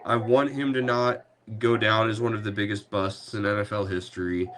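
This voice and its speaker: A man's voice: lowish voice, level tone, normal speed, a bit bright, slight background noise. A man hosting a casual sports podcast, talking in a rambling way with many fillers and restarts. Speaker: podcast host.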